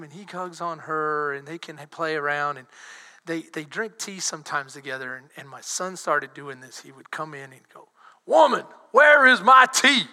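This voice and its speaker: A middle-aged man preaches in a very high, piercing voice, building to loud emphatic peaks and then dropping into soft, quiet asides. His words ring out with a long reverb, as if he were in a large church hall. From Texas. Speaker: pastor. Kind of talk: sermon.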